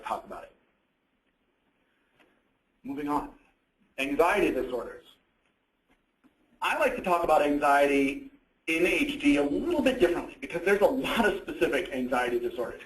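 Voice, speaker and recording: A man gives a relaxed, conversational presentation, posing questions to his listeners and answering them himself. His voice sits a little high. The sound carries the echo of a roomy hall. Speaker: presenter on psychiatric issues. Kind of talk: educational presentation. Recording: echoey room.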